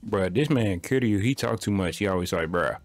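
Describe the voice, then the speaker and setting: Low-voiced young man joking through gameplay. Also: brisk, a little mellow, faint music behind. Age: young adult. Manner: loose slangy running banter. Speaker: gaming streamer. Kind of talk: casual gameplay commentary.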